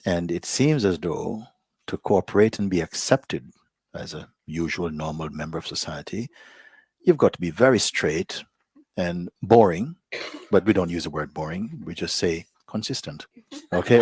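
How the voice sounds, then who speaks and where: A man serving as a spiritual teacher delivers an unhurried, reflective satsang talk to people gathered live, often easing almost into a whisper. His voice is low-pitched and slightly rough, recorded in clean studio sound with no echo.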